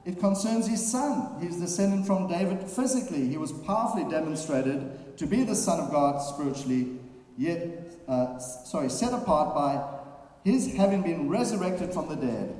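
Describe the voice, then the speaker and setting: A man delivers a sermon in a big, echoing hall, his somewhat high voice ringing with a long reverb tail. He reads scripture aloud and talks at an unhurried pace, pausing with fillers. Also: lively intonation, mellow. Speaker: preacher. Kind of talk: sermon summary. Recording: very echoey hall.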